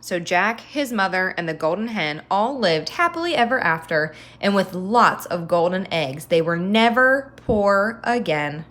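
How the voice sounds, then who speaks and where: A woman reading a children's story aloud with expressive delivery and sound effects. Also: mid-range voice, unhurried, hardly any pauses.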